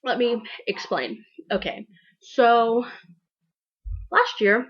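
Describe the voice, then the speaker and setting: A woman's voice: a little high, expressive, extremely slow, a bit bright, breathy edge, muffled recording. A woman vlogging to camera in a casual, rambling monologue, gushing and acting out her own thoughts.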